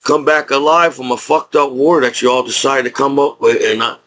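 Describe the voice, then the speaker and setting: A man's voice: medium pitch, fairly even intonation, moderate pace, fairly bright tone, low-quality recording. Angry rambling veteran man with a speech impediment. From United States. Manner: angry, profane, rambling with restarts. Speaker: vlogger, disabled combat veteran. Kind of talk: unscripted rant to camera.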